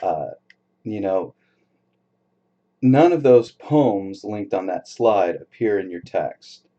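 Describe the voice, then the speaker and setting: A man lecturing a college poetry class in a relaxed, casual way, reading poems aloud slowly with a strong beat. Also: on the low side, highs cut off. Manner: relaxed, casual teacher talk with fillers. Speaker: college instructor. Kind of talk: recorded lecture.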